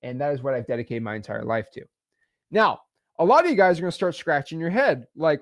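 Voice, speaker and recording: A man in his twenties, a real estate wholesaling educator, talking emphatically and repeating himself as he pitches directly to the camera. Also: sing-song. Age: 20s. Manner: emphatic, repetitive, fast-talking, self-assured.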